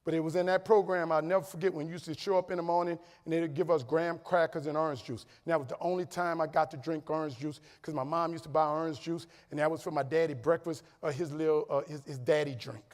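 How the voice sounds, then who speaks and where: Energetic New man, hall echo. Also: on the high side, fast, few pauses. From New Orleans, USA. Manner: lively storytelling, humorous, builds to loud punchlines. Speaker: keynote speaker. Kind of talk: motivational conference speech. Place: large conference hall. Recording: long reverb of a conference hall.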